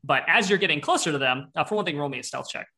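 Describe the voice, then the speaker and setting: A man's voice: fairly high pitch, expressive, quick pace, sharp tone, slight background noise. A young man narrating as game master, rambling and descriptive with many fillers.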